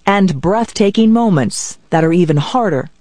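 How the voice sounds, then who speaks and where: A woman news reporter reading a scripted report in a crisp, measured way. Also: medium pitch, animated.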